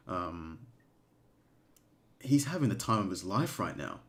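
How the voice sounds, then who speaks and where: A man giving casual live commentary during a watch-along stream, excitable and emotional, breaking into shouts at big moments. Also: low-pitched, unhurried, pauses often. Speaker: fan streamer commentating a match.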